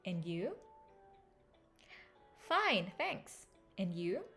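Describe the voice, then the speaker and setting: A woman's voice: mid-range voice, big pitch swings, drawn-out words, pushed and bright, soft background music, heavily acted. A woman reading the woman's part in a practice dialogue with a light, rising, conversational delivery. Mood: friendly. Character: casual young woman answering a friend.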